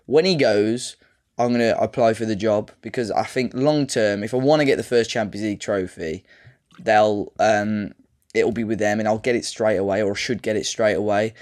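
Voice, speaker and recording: A man's voice: lowish voice, normal speed, a little mellow. Chatty man rambling through a story. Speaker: podcast co-host. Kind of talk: casual chat about a football management game save.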